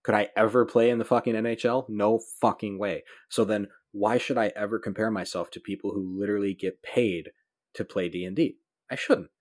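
Emphatic low-voiced male podcast host. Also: fairly quick, dry recording, studio quality. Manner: animated, emphatic, swears casually. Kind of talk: casual podcast chat.

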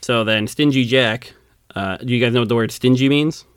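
A man's voice: medium pitch, moderate pace, clean tone, no echo, clean studio sound. A man co-hosting a podcast, telling a folk tale in casual chat, acting out the characters and laughing often. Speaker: podcast co-host.

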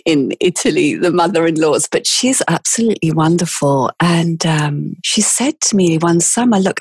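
A woman's voice: lowish voice, husky, no echo, studio quality. A middle-aged British woman chatting as a podcast guest, easygoing and self-deprecating, with filler words. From England. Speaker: podcast guest, yoga teacher. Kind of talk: casual interview chat.

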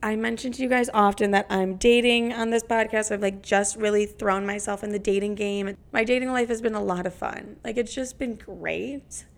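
Young woman podcaster, brash and foul-mouthed, fry-heavy voice at a middle pitch. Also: fairly even intonation, moderate pace, hardly any pauses. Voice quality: creaky. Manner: brash, profane, dramatic. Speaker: podcast host. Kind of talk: casual podcast monologue.

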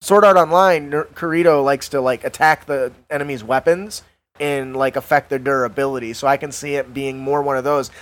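A man hosting a casual tabletop game podcast, rambling with fillers and quick laughs. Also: medium pitch, steady tone, fairly bright tone. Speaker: podcast host.

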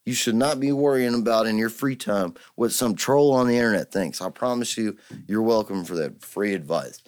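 A man's voice: on the low side, normal speed, darkish tone. A man hosting a solo podcast, ranting heatedly and swearing constantly. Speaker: podcast host.

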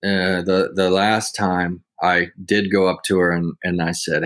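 A man guest speaking haltingly with many "like" fillers. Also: low voice, little pitch movement, a bit bright. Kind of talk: casual conversation.

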